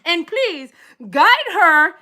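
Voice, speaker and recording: A woman with a high, bright voice clowns through an improvised live skit. She talks unhurriedly, repeating phrases playfully and laughing as she goes. She is a dog groomer hosting her own live stream. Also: lively intonation, slow pace. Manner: playful, repetitive, breaks into laughs.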